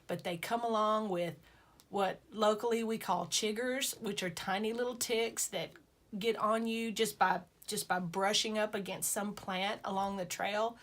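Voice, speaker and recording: A woman's voice: mid-range voice, steady tone, moderate pace. A woman chatting playfully to her viewers, full of self-mocking asides. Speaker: sewing vlogger. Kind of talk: casual chat to camera.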